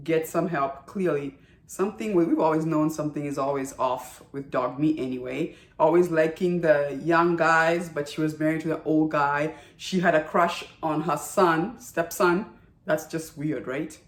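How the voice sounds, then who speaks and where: A woman's voice: low-pitched, a little slow. A woman giving a casual, emphatic review of a TV drama, often tagging her sentences with "right?" and "okay?". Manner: emphatic, chatty, with frequent "right?" and "okay?" tags. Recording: roomy echo.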